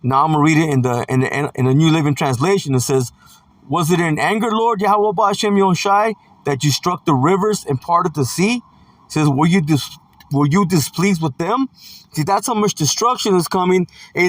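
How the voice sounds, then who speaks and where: Emphatic man preaching, slightly high voice. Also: fairly bright tone, no room sound, recorded from a distance. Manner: emphatic, punctuates with "see" and "man". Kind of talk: scripture teaching sermon.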